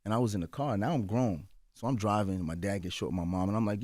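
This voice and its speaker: A man in his forties, a guest on a radio show, telling candid personal stories with animated delivery and acting out family voices, recorded in a studio. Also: on the low side, fast talker, no echo. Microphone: studio microphone.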